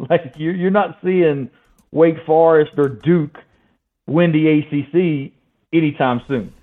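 A man's voice: a little high, takes it slowly. A man chatting casually as a guest on a sports podcast, hedging with fillers as he talks. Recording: tinny phone-like line.

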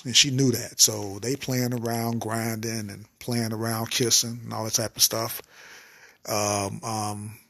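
Casual comedy host, husky male voice, loose rambling joke delivery. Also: medium pitch, a bit bright. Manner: loose, rambling, laughs at own jokes.

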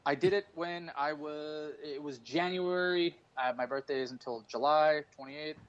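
A man's voice: a little high, normal speed, clear, resonant tone, muffled recording. A man in his forties, a stand-up comedian, chatting casually on a podcast, rambling and swearing through jokey stories. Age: 40s. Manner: profane, rambling, jokey storytelling.

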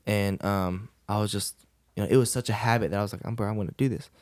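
A man's voice: lowish voice, steady tone, quick pace. Laid-back young man telling a story. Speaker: podcast guest. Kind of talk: casual storytelling interview.

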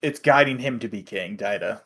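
A man's voice: lowish voice, brisk, a bit bright. Easygoing man recapping a show. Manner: easygoing, acts out characters' lines. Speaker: podcast co-host. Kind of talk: casual chat recapping an anime.

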